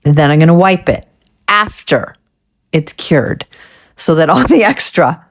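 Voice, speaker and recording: A woman's voice: low-pitched, a little slow. A woman vlogger chatting casually through a nail art tutorial, getting frustrated and swearing at herself.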